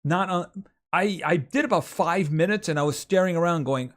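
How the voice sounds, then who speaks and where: A man with a high-sitting voice speaks at normal speed while livestreaming a farming game. Chatty and casual, he reads his viewers' chat aloud and talks to the animals on screen.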